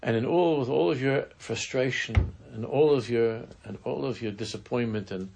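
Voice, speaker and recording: A man teaching a Chassidic text in an earnest, halting, conversational way, dropping in Hebrew and Yiddish terms. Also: medium pitch, vocal fry, a little mellow, a little hiss or hum. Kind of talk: conversational Torah class.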